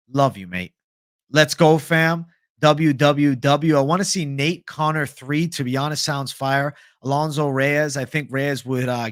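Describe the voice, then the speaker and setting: A man's voice: mid-range voice, no room sound, clean studio sound. A young man casually chatting on a livestream, swearing freely and answering viewer comments. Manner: casual, profane, reads viewer comments aloud. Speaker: livestream host.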